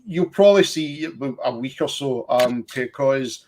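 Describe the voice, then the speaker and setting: A man's voice: mid-range voice, lively intonation, normal speed, darkish tone, a little hiss or hum. A man with a Scottish accent, a podcast guest in casual chat, who talks hesitantly with many ums and restarts.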